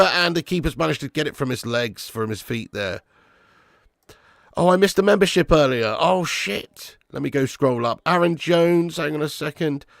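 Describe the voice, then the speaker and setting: Guy doing a live footy watch-along, lively swingy voice, gravelly, swears a lot. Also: a little high, normal speed, no room sound, studio quality. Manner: excitable, swears, jumps from play calls to chat shout-outs. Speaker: fan channel host. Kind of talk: live match watch-along commentary and chat.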